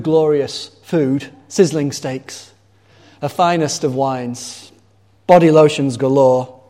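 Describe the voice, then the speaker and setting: A man's voice: on the high side, dark tone. A man preaching a sermon in a conversational way, asking the congregation questions. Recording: long reverb of a large hall.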